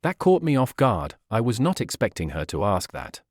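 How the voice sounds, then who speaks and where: A man telling a first-person story as narrator, reading in an expressive way. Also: lowish voice, normal speed, hardly any pauses, dry recording, clean studio sound.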